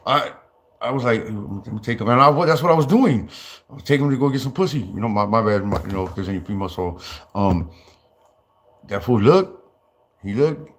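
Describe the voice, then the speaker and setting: A man with a medium-pitched voice talks fast and very animatedly as he tells stories. His casual talk rambles and is profane, and he often stammers, restarts, and bursts out laughing.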